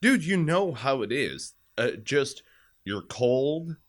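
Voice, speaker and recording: A man's voice: mid-range voice, big pitch swings, slow. A man co-hosting a casual chat, laughing and cursing as he talks through the pain of a hurt back. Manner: profane, laughing storyteller. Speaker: podcast co-host.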